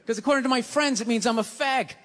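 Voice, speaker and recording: A man's voice: very high voice, fast, background noise. A man doing a stand-up routine on stage, ranting in a profane, exasperated way. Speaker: stand-up comedian. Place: large live venue. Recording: live hall with audience.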